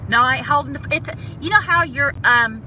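Here the vlogger's voice sits high with a sharp edge, moving along fairly quickly. In her North Georgia Southern accent she jokes at her own expense while chatting from the car, recorded via a visor-mounted phone or camera with faint road noise behind her.

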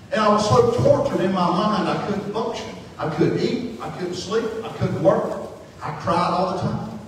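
A man preaches his testimony from the pulpit, pouring out feeling and shifting from hushed passages to shouted ones. His voice sits high, and it reaches the mic from some distance across an echoing church hall. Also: a little hiss or hum. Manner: impassioned, swings from hushed to shouting. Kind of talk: sermon testimony.

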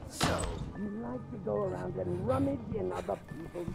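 An actor playing a menacing old man who stalks intruders through his house, in a sneering, gravelly manner. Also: high voice, moderate pace. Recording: game audio with music underneath. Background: game music.

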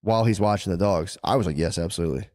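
A man in his thirties with a lowish voice tells rambling, profane stories in casual podcast chat. He keeps breaking into little impressions of people. The recording is close and dry, with no room echo. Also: fast, darkish tone. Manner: profane storytelling with quoted impressions. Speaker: podcast co-host.

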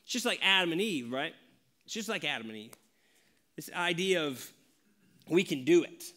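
A male pastor giving a conversational church sermon, animated and laughing as he acts out family stories. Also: fairly high pitch, moderate pace. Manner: animated, laughing, acting out dialogue. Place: church sanctuary.

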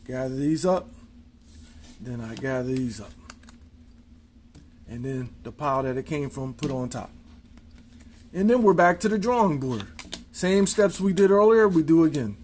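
A man's voice: fairly high pitch, animated, a little slow, pauses often, darkish tone, a little hiss or hum. Man walking through card tricks. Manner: casual, counts and spells aloud while dealing. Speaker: amateur magician.

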